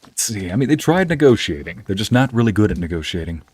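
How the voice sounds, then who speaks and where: A man's voice: on the low side, big pitch swings, fast talker, a little mellow, husky. A man streaming a game, chatting casually and laughing often as he plays. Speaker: streamer and narrator. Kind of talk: casual gameplay commentary.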